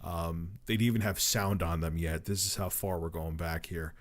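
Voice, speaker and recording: A man's voice: sits low, normal speed. Profane man casually telling a story. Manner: profane, animated retelling with acted quotes. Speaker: storyteller on a livestream.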